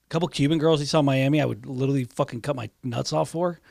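A man's voice: medium pitch, very fast, gravelly, darkish tone, no echo. A man co-hosting a podcast, argumentative, crude and joking on a dry close mic. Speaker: podcast co-host. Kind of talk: casual banter.

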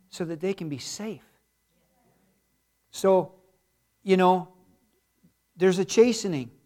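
Middle-aged male pastor, high-pitched voice, preaches with mounting emphasis. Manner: preachy, rising to loud and emphatic. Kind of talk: sermon. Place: church sanctuary.

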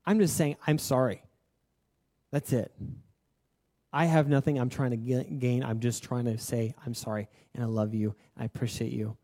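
A man's voice: mid-range voice, fairly even intonation, normal speed, mellow. A young man preaching a sermon, telling a personal story in an earnest, conversational way with lots of filler words. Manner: earnest and confessional. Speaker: pastor.

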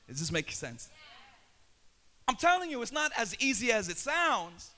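A young adult male pastor with a Filipino accent, preaching a passionate sermon that builds to shouts and slips into Tagalog. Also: extremely high pitch, very animated, unhurried.

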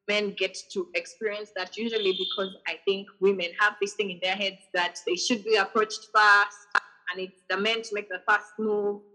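A woman's voice: mid-range voice, poor audio. A woman hosting a podcast over a video call, telling a personal story in casual chat and acting out the messages she received. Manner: animated storytelling, acts out quoted messages. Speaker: podcast host.

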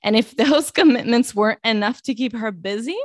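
A woman's voice: fairly high pitch, a little fast, no echo, clean studio sound. A woman co-hosting a podcast, chatty and bubbly, often laughing at herself as she introduces guests. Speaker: podcast co-host. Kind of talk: casual podcast chat.

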